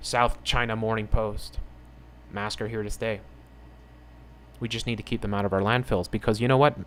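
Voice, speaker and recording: A man with a slightly low voice delivers a heated commentary on the news. He reads headlines aloud and answers them with sarcasm and open indignation. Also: fairly even intonation, moderate pace, a bit bright, a little hiss or hum. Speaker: channel host.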